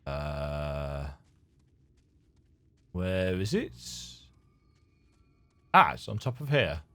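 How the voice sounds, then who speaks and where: Gravelly-voiced man musing over gameplay. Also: low voice, very animated, extremely slow, fairly bright tone. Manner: musing, self-deprecating, hums to himself. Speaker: game streamer. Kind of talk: casual gameplay commentary. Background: faint game music.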